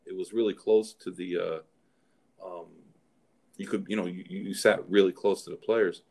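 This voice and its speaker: A man's voice: low-pitched, fairly even intonation, normal speed, creaky, darkish tone. A middle-aged man, a show host and horse trainer, telling rambling anecdotes in casual chat. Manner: rambling anecdotes, frequent restarts.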